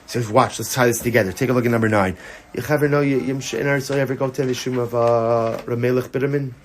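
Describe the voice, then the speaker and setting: A male rabbi teaching a room of yeshiva students, his voice at an ordinary middle pitch. He repeats key phrases, pushes up for emphasis, then drops low and quiet to tell a story. A faint hiss of room noise sits behind him. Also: quick pace. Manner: animated teaching, repeating key lines, rising for emphasis, dropping low for stories; sings short snatches of a melody. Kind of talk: Torah class to yeshiva students.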